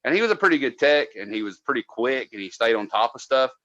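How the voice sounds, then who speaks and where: A man from North Georgia, a podcast co-host telling a casual, profane story from his days as a cable tech, loudly acting out what people said. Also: mid-range voice, quick pace, no echo, highs cut off. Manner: profane, animated, acts out quotes loudly.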